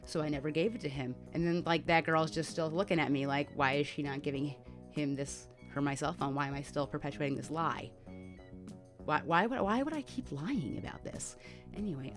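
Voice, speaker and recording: Candid woman telling a personal story. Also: low-pitched. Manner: candid, conversational, with many fillers. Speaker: mental health vlogger.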